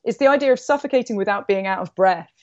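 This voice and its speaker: A woman author being interviewed on a podcast, speaking in a thoughtful, measured way. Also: mid-range voice, darkish tone, dry recording, lo-fi sound. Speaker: author guest. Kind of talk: conversational interview.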